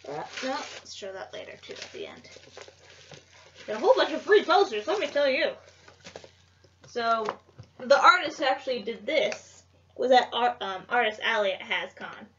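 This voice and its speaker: A woman's voice: a little high, expressive, moderate pace, a bit bright, a little hiss or hum. Chatty young woman showing off convention loot. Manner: chatty, gushing, filler-heavy. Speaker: vlogger. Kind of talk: casual haul chat. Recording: dull lo-fi home recording.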